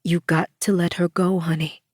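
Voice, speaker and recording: A woman's voice: on the low side, steady tone, takes it slowly, no room sound, studio quality, heavily acted. A woman voicing a tough, motherly older inmate. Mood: gentle coaxing. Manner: soft, gruff, coaxing.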